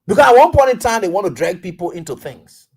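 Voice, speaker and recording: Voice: medium pitch, very animated, quick pace, darkish tone, husky. A radio talk host, giving political commentary in an emphatic way, full of repetition and rhetorical questions.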